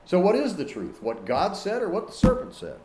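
A man's voice: high voice, huge pitch swings, fairly quick, darkish tone, slight background noise. A man preaching a sermon, reading scripture aloud and asking emphatic questions.

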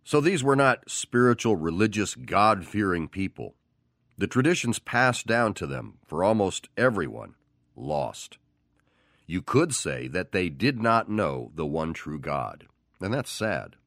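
Lively low-voiced male preacher. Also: unhurried, dry recording, clean studio sound. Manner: animated, acts out quoted voices. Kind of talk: sermon.

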